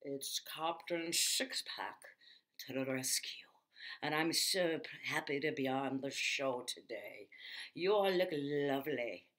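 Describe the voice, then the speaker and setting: A woman's voice: low voice, a little slow, a bit bright, pitched below the performer's own voice. A woman voicing a hard-drinking, ageless party spirit in a uniform, with a put-on Irish accent and a rambling, chummy manner.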